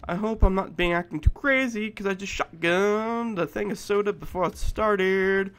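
A man giving let's play commentary, excitable and profane, shouting at game monsters. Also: sits high, normal speed. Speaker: gameplay commentator.

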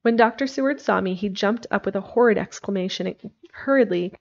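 A woman reading a classic novel aloud, steady with occasional slips and restarts. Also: medium pitch, brisk. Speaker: narrator. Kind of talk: audiobook reading. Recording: dull lo-fi livestream recording.

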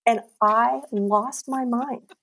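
Laughing woman telling lively stories. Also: a little high, slow, vocal fry, slightly rough. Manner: animated, laughs often, acts out quoted lines. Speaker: podcast guest, writer. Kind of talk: casual storytelling interview.

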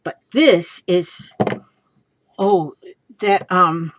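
A woman's voice: fairly low pitch, very slow, husky, dry recording, dull audio. A woman making a casual craft vlog at home, gushing and exclaiming over her supplies. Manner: gushing, excitable, exclaims often. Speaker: craft vlogger.

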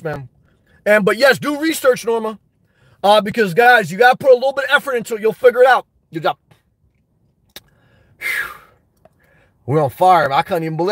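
His voice sits high and is fairly bright, captured in a dry recording. As a YouTube live stream host, he goes through viewers' comments and gives forceful, energized advice.

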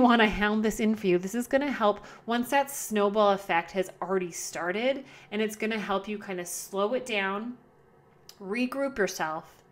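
A chatty woman with a mid-range voice hosts a casual solo podcast indoors at home, recorded by a camera near her. She tends to repeat and correct herself, slowing down to model calm breathing.

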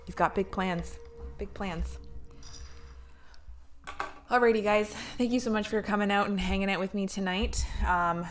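A woman streamer talking casually with her viewers, joking and swearing freely. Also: on the low side.

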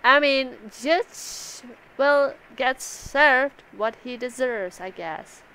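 A woman's voice: high-pitched, very slow, bright, forceful tone, smooth. A woman casually reacting to a manga chapter live, giggling often and swearing freely as she reads aloud. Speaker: anime reaction video host.

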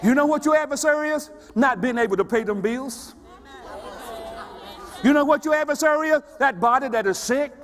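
High-voiced preaching man, echoing church. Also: normal speed, some chatter behind. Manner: preaching with rising shouts and call-and-response questions. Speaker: pastor. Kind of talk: sermon. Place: church sanctuary. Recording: long church reverb.

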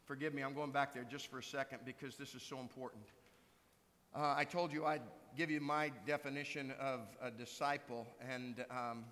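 A middle-aged male pastor giving an earnest, lively conference teaching talk. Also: mid-range voice, moderate pace. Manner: earnest, lively, acts out quotes loudly. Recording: reverberant hall recording.

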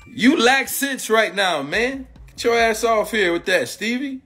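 Agitated man ranting, high bright voice. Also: animated, measured pace, few pauses, slightly rough, soft background music. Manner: agitated, repetitive, confrontational. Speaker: former football player and coach. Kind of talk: heated rant on a live stream.

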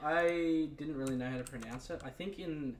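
A man's voice: on the high side, moderate pace, a little hiss or hum. A man chatting as a guest at a friend's home, easygoing and amused, thinking aloud as he talks. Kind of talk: casual chat. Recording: roomy, distant from the mic.

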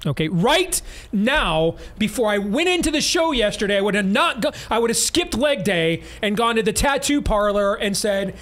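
Talk-show host, male, high voice, emphatic and sarcastic. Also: big pitch swings, a bit bright. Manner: emphatic, rapid-fire, sarcastic riffs.

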